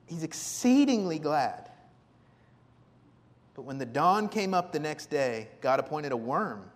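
A man preaching a sermon, animated, acting out the people in the story with big jumps in his voice. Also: in a large hall. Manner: animated, acts out voices of biblical figures with big pitch jumps.

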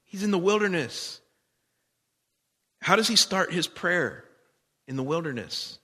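A man's voice: high voice, animated, unhurried, bright, forceful tone, slightly rough, long reverb tail. A man preaching a sermon, talking conversationally and putting questions to the congregation. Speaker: pastor.

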